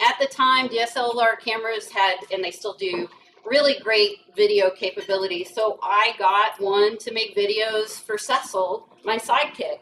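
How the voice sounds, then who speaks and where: Joking woman speaker, off mic. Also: medium pitch. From rural Kentucky. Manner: joking, self-deprecating storytelling. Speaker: guest speaker. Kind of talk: humorous presentation talk. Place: brewery event room, indoors. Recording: distant mic with faint noise.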